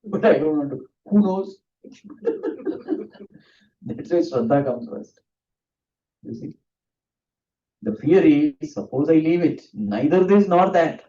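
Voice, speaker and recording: A man's voice: on the high side, lively intonation, takes it slowly, pauses often, dark tone. A man, a swami giving a spiritual discourse, earnest and often laughing as he tells stories. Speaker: swami giving a scripture talk. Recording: distant, dull lo-fi room recording.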